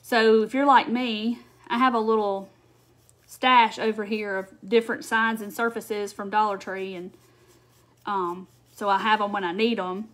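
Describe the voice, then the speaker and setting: A woman's voice: medium pitch, level tone, a little slow, fairly bright tone. A woman hosting a live craft demonstration, chatting casually, answering viewer comments and laughing often as she works. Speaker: craft livestream host.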